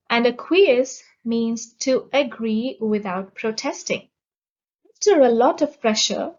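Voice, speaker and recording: Woman, vocabulary teacher, slow careful delivery, somewhat high voice, slightly muffled recording. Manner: slow, deliberate, enunciating each word. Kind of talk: scripted vocabulary lesson.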